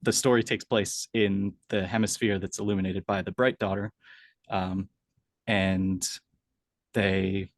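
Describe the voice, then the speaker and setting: Hesitant low-voiced male author, dry sound. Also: flat delivery, unhurried, dry recording. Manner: hesitant, thoughtful, many fillers. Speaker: author guest. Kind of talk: casual interview chat.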